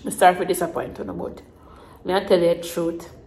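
A woman's voice: lowish voice, flat delivery, a little fast, darkish tone, echoey room, slight background noise, poor audio. A Jamaican woman in her twenties rambling in casual mukbang chat to the camera, repeating herself in Creole phrasing. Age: 20s. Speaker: vlogger.

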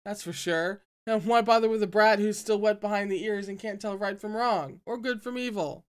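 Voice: mid-range voice, little pitch movement, a little slow, fairly bright tone, clean tone, natural voice. A reader voicing a haughty middle-aged male sect leader in an audiobook, sneering and scornful.

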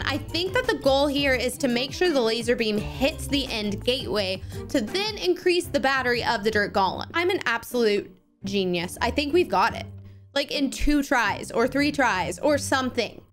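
Woman gamer host, high-pitched, bouncy lively delivery, playful and gasping. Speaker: gaming YouTuber host. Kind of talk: excited Minecraft let's-play commentary.

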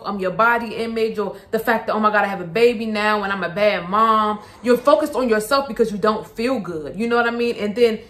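Casual slangy young woman in an echoey room. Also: on the high side. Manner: casual, slangy, many "like"s and asides. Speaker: vlogger, mother. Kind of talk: casual talk to camera.

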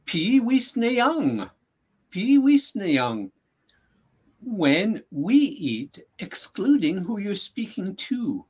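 Slow, husky-voiced male teacher. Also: sits high, big pitch swings. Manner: patient, repeats phrases slowly. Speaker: language teacher. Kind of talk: casual teaching chat.

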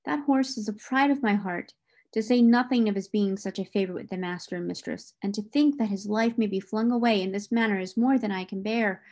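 A woman reading the part of John, a stable groom who is upset and stern, her pitch rising when he grows indignant. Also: fairly even intonation, brisk, a little mellow, lightly acted. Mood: sorrowful.

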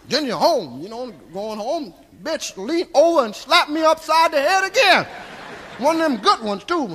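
Man putting on old Southern storyteller, Southern US accent, crude, rambling, folksy drawl, very high pitch, live stand-up. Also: bright, forceful tone, a little hiss or hum, full character voice. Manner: drawling, folksy, keeps tagging lines with "see?". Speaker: stand-up comedian. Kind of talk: live stand-up character monologue. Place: live comedy club stage.

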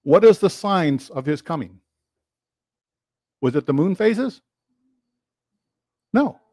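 High-voiced animated male preacher. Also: slow pace, dry recording, clean studio sound. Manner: animated, quotes scripture and acts out rhetorical dialogue. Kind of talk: sermon.

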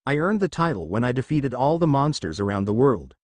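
A man's voice: medium pitch, big pitch swings, fairly quick, darkish tone, dry recording. A man voicing a boastful giant male monster king who teases a boy, read from a storybook in a dry room. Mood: gruff teasing. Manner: gloating, calls the boy whelp. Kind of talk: storybook reading.

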